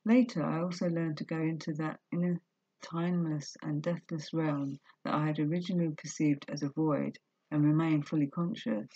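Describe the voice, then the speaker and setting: Husky low-voiced woman reading aloud. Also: level tone, normal speed, mellow, no room sound. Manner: earnest, emotional, confessional. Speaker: vlogger reading a book aloud. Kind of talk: reading aloud with personal commentary. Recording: dull lo-fi recording.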